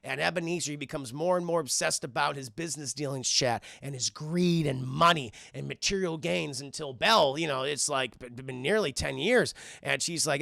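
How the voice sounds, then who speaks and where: A man giving a casual, profane, excitable scene-by-scene film recap, constantly talking to his live chat. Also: fairly high pitch, normal speed, vocal fry, few pauses, no echo. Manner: profane, excitable retelling that keeps addressing the chat. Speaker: film reviewer streaming to chat.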